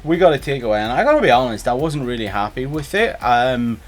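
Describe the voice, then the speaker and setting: A man's voice: mid-range voice, fast. A man streaming a game, talking casually and jumping between topics with chat. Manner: animated, chatty, jumps between topics.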